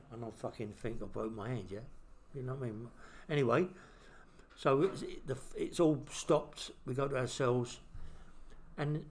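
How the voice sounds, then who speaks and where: A middle-aged man, a podcast host telling a blunt, swear-filled story in casual chat. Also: medium pitch.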